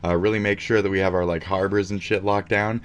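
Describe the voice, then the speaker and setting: A man's voice: low voice, flat delivery, fast talker. A man streaming live, ranting in a rambling, heated and profane way.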